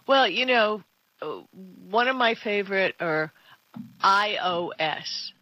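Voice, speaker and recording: A woman co-hosting a tech talk show in casual chat, emphatic and quick to laugh. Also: mid-range voice, lively intonation. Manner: chatty, laughs often, emphatic. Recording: dull lo-fi dry sound.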